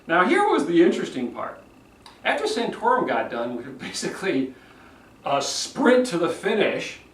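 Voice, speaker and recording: A man critiques speeches as a public speaking coach, acting out the habits he points to. His fairly high voice swings widely in pitch. The sound is roomy, picked up by a mic a few steps away. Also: moderate pace. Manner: animated, demonstrates delivery himself. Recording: roomy echo, mic at a distance.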